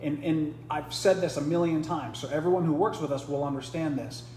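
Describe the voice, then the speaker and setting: Man, live demo host, slightly high pitch, chatty explainer, handheld camera, faint background noise. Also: fairly even intonation, fairly quick, dark tone. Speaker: host and triathlon coach. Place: beside a swim spa.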